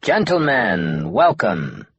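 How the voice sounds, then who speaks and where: A polished, businesslike executive addressing a room, husky and low-voiced, read by a male narrator. The read is dry and close. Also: huge pitch swings, slow, no room sound, exaggerated voice. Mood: formal. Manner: formal, businesslike. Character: smooth male corporate executive, formal.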